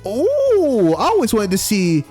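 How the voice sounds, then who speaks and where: A bright, girlish young woman bubbling over about far-off trips, apologizing as soon as she gets carried away, voiced by a man reading a game. The voice sits high and swings widely. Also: wildly swooping pitch, unhurried, slightly rough, soft background music, full character voice. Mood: eager. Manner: eager, breathless, apologetic. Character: shy, excitable young woman dreaming of travel.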